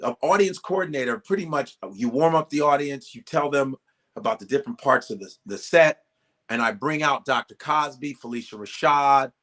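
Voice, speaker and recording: A male comedian telling stories as a guest in a casual interview, animated and profane, acting out quoted voices. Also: medium pitch, moderate pace.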